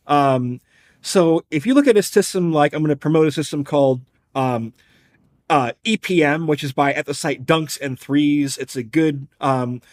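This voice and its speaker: A man's voice: on the high side, darkish tone. A man co-hosting a podcast, explaining sports numbers in a wry, conversational, analytical way. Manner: wry, explanatory, numbers-heavy, drops casual profanity. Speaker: podcast co-host.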